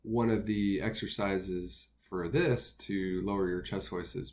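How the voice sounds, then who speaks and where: A man with a fairly low voice teaches singing basics. He explains each idea step by step in a relaxed, easygoing way, with the odd filler between points. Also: measured pace, hardly any pauses, a little hiss or hum. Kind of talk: instructional talk with sung demos.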